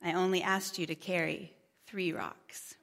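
A woman voicing God as a gentle, patient man in a spoken parable. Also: on the high side, normal speed, big-room sound. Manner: gentle, calm.

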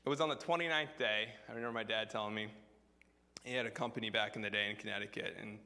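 Man, pastor, sermon, casual storytelling, bright voice, long hall reverb. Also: on the low side, fast talker. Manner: casual, filler-heavy storytelling. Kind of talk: sermon with personal testimony.

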